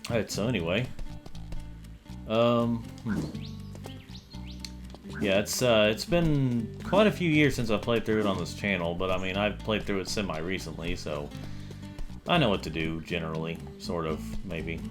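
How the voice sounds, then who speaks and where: A man's voice: deep voice, unhurried, pauses often, over music. A man hosting a casual let's-play, talking in a rambling, hesitant way while he plays. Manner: rambling, hesitant, lots of fillers. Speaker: gaming channel host.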